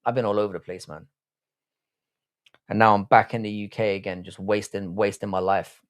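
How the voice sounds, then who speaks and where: A man's voice: lowish voice, flat delivery, moderate pace. Casual stream host, a South London bloke in his thirties, blunt and sweary, reads chat and bants. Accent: South London English. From England. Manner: profane, blunt, banter reading chat aloud. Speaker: livestream host. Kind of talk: casual live watch-along chat.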